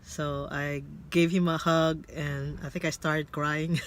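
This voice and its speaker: A middle-aged man with a Filipino accent recounts a personal story into his camera while sitting in his car. His voice sits a little high for a man, and he speaks in a reflective, halting way, full of fillers and restarts. A faint hum of ambience runs underneath. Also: flat delivery, fairly bright tone. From Philippines. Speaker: vlogger. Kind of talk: casual carpool vlog storytelling. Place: parked car.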